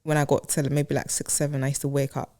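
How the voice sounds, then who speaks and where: A woman co-hosting a podcast in a relaxed, conversational way. Her voice is low, she laughs easily, and she often chimes in with short agreeing replies. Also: fast talker. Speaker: podcast co-host. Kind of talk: casual chat.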